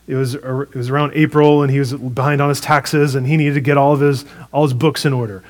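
A man preaching a sermon, retelling a parable in a conversational, animated way with casual asides. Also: a little high. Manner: storytelling, animated retelling with acted quotes.

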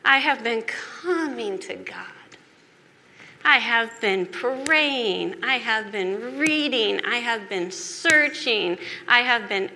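A woman's voice: on the high side, animated, slow pace, bright, forceful tone. A woman preaching a sermon as a personal testimony, earnest and confessional, with emphatic repetition. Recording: reverberant hall with faint background noise.

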